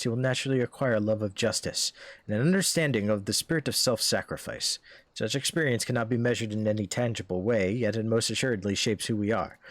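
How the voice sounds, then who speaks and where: A man voicing a wise, calm veteran adventurer, speaking in a measured way. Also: fairly low pitch, no room sound, natural voice.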